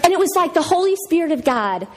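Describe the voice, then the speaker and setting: An extremely high-pitched woman with big pitch swings talks fast while giving a church talk. In her thirties or forties, she tells a story sermon-style, chatty and self-mocking, laughing often.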